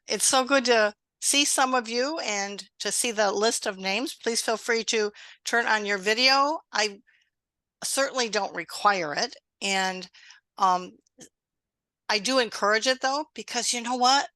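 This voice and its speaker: A woman's voice: on the high side, a little slow, no echo. A middle-aged woman hosting an online exam-prep webinar, chatty and encouraging, talking over a video call. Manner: warm, encouraging, conversational.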